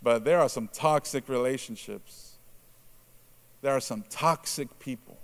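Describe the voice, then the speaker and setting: A man preaching a sermon in a conversational way, asking the congregation questions and adding "right?" to his points. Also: unhurried. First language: Spanish. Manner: acts out quoted reactions in a lowered voice.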